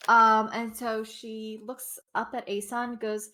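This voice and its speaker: A woman's voice: fairly high pitch, flat delivery, slow, few pauses, sharp tone. A woman playing a tabletop role-playing game, hesitant and full of "um"s. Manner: apologetic, hesitant, many fillers. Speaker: player.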